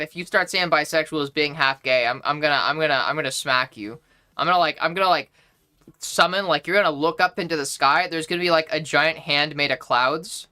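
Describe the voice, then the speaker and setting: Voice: medium pitch, sharp tone, clean tone. A young adult streamer casually chatting with a live audience, playful, profane and mock-indignant. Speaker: livestreamer reading chat.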